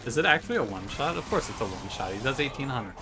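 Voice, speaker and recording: Streamer, male, medium pitch, sardonic play-by-play with mock bravado; clear background music. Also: expressive, rapid-fire. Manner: wry, joking, mock trash-talk. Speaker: video game streamer. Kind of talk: gameplay commentary. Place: room at home by a window. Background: game music.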